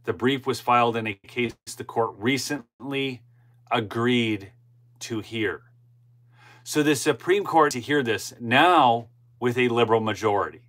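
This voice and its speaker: A man's voice: medium pitch, unhurried, fairly bright tone. A middle-aged man hosting a political commentary channel, reading news aloud and breaking into impassioned asides with frequent restarts.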